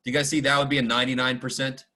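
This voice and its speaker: A man's voice: mid-range voice, little pitch movement, rapid-fire, sharp tone. A man teaching a statistics class over a video call, informal and self-deprecating, muttering asides and mild curses. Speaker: math instructor. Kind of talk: casual online lecture. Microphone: video call mic.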